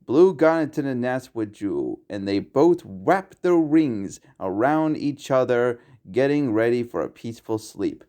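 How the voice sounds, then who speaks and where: Brief: male narrator, slow, animated intonation, faint music behind. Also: medium pitch. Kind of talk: amateur storybook reading.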